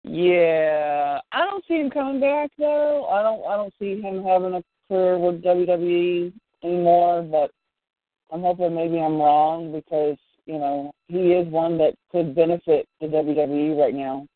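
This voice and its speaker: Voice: medium pitch, a little slow, dry recording. A blunt, foul-mouthed speaker on a casual chat show, talking through a tinny phone line. The sound is dry and close, with no room around it. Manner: blunt, swears freely. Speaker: phone-in co-host.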